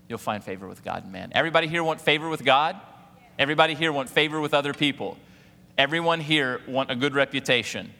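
A man's voice: fairly high pitch, fast, gravelly, bright, forceful tone. A man in his forties preaching a sermon as pastor, firing rhetorical questions at the congregation and calling on them to answer. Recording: long hall reverb.

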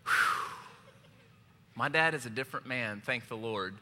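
A man's voice: mid-range voice, normal speed, sharp tone. A male pastor preaching a sermon in a church, joking, telling a personal story and asking the congregation questions. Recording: long hall reverb, faint background noise.

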